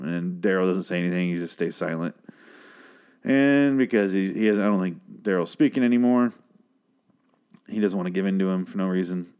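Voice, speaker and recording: A man with a fairly low voice talks through a TV episode in a loose, rambling recap. He is sardonic and profane, and often trails off or restarts mid-thought. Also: brisk, darkish tone, clean tone. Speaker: show recap podcaster.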